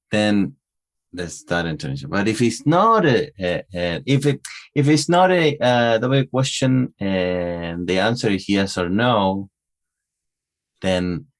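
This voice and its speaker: Argentine-accented man, low voice, halting. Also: big pitch swings. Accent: Argentine Spanish. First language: Spanish. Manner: halting, many fillers and restarts. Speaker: podcast co-host. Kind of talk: casual chat.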